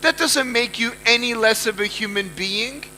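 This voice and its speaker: High, bright-voiced speaker with an Australian accent. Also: male voice, moderate pace, slight background noise, rough recording. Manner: emphatic, repeats lines for effect, acts out quoted voices. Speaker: motivational speaker. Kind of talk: motivational speech to a live audience.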